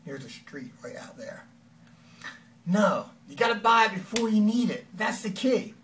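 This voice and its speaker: A man giving an energetic, conversational motivational talk as a life coach, often acting out quoted lines. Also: high voice, a little slow, far from the mic, slight background noise.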